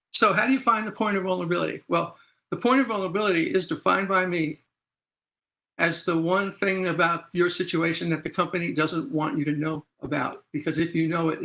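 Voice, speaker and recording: A middle-aged man leads an animated talk on consumer rights and plays out phone calls line by line. His voice sits a little high and rings bright and forceful. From Texas. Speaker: consumer advocate columnist. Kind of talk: presentation.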